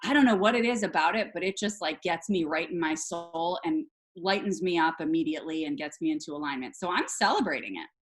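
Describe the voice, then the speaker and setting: A woman's voice: lowish voice, animated, brisk, few pauses. A middle-aged woman, a therapist and healer, chatting as a guest on a talk show, bubbly and gushing, saying "like" often. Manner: bubbly, gushing, says "like" a lot. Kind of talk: casual interview chat.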